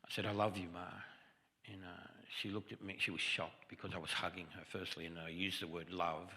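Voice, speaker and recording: A man's voice: sits low, steady tone, fairly quick, bright, forceful tone, in a large hall. A man giving a testimony sermon in a conversational storytelling way, with self-deprecating humor. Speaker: guest preacher. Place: church sanctuary.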